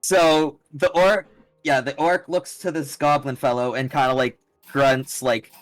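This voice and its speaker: A man's voice: medium pitch, fairly even intonation, unhurried, no echo, faint music behind, rough recording. Casual man running a tabletop game. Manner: casual, hesitant with fillers. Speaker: game master.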